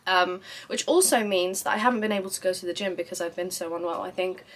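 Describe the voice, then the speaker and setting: A woman talking casually to her vlog audience, telling stories in a chatty, animated way. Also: on the low side, fast. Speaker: vlogger.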